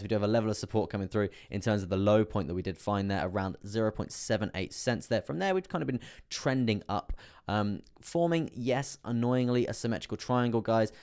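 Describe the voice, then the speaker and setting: A young man with an English accent talks through price charts on a live stream. His voice sits on the low side and stays fairly monotone, and his delivery is chatty and relaxed. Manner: chatty, laughs often, reads chat aloud. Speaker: crypto trading streamer.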